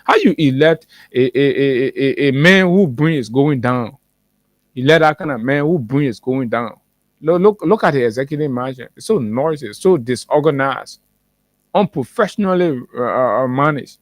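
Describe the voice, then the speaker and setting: Combative Liberian radio host, dry studio sound. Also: male voice, medium pitch, animated, moderate pace, no room sound. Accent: Liberian English. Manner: combative, repetitive, many fillers and restarts. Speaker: morning show host. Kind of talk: heated political commentary.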